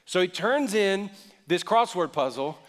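Guy preaching in a big echoey church, kinda high voice, chatty then loud. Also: lively intonation, unhurried. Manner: conversational preaching, swings from low and quiet to loud and emphatic. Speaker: pastor. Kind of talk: sermon.

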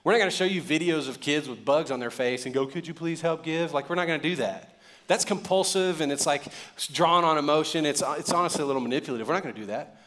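A male pastor with a fairly high voice delivers a sermon to his congregation. He talks like he's chatting with friends and drops in jokes, then leans into strong, emphatic lines. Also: quick pace, fairly bright tone. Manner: conversational, joking asides, rising to emphatic preaching.

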